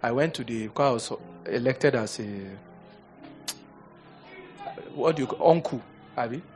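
A middle-aged Nigerian pastor with a Nigerian English accent preaches, alternating between loud exhortation and quiet storytelling and laughing often. His medium-pitched voice is measured, over soft background music.

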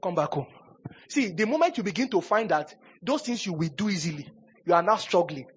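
A man preaching a sermon as pastor, emphatic and repetitive, swinging between soft pleading and loud bursts. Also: sits high, big pitch swings, brisk, breathy edge. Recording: dull lo-fi sermon recording.

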